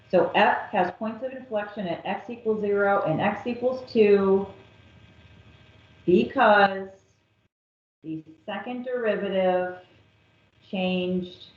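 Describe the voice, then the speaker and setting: A woman math teacher working through a calculus problem step by step, patient and methodical. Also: mid-range voice. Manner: slow, patient, step-by-step explaining. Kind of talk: recorded calculus lesson. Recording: echoey, dull lo-fi classroom recording.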